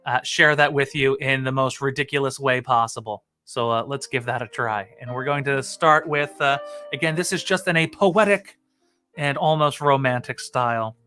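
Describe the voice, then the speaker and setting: A man's voice: mid-range voice, moderate pace, bright, forceful tone, faint music behind. A man hosting a comedy stream, chatting casually to camera in a rambling, self-mocking way and laughing often.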